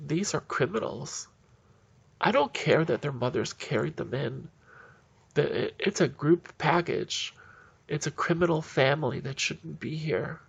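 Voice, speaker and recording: Man, indignant ranting commentary, gravelly voice, dull lo-fi recording. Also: a little high, lively intonation, measured pace. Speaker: political commentator. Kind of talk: solo political commentary.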